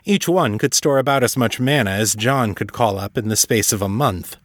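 A man narrating a fantasy story in a measured, even way. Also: medium pitch, no echo, clean studio sound. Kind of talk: scripted audiobook narration.

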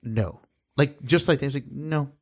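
Man, casual storyteller, animated, plays all the parts in his anecdotes. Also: medium pitch, fairly quick, slightly rough. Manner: animated, acts out quoted dialogue, swears casually. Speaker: podcast guest, former service advisor.

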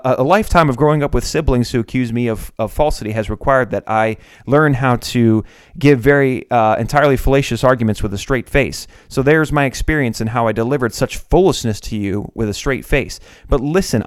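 A man's voice: mid-range voice, no room sound, clean studio sound. A man hosting an essay podcast, reading aloud and reacting in disbelief, with frequent stammered restarts. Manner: incredulous, stammering restarts when worked up. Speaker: podcast host.

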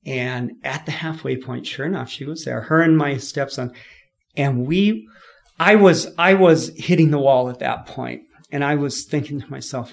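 A man from California, a podcast guest, telling his story in a lively way, laughing often and acting out what people said. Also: medium pitch, a little slow, vocal fry. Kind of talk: storytelling in an interview.

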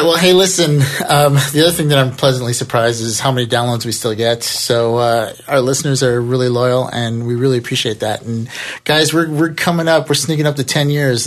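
A man hosting a podcast in casual chat, upbeat and laughing often. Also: medium pitch. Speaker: podcast host.

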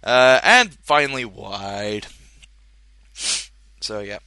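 A man's voice: on the low side, big pitch swings, very slow, sharp tone, clean tone, no echo, studio quality. A man hosting a podcast, chatting casually and jokily, rambling with many fillers. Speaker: podcast host. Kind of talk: casual chat.

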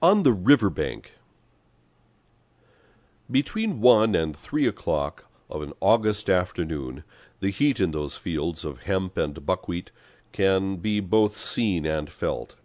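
A man reading a story aloud as an audiobook narrator, expressive storytelling. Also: sits low, slow, no room sound. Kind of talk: scripted narration.

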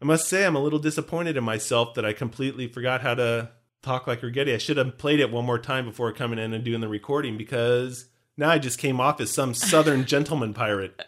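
A man co-hosting a casual movie breakdown podcast, animated and playfully swearing. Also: mid-range voice, fast talker, few pauses. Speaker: podcast co-host.

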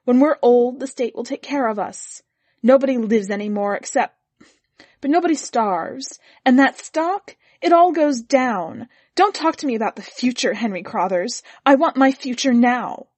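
A woman voicing a tense young wife in a read-aloud story, pitching her voice higher and speaking with earnest strain. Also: lively intonation, moderate pace, darkish tone, no room sound. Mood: pleading. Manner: earnest, strained, rising to anger.

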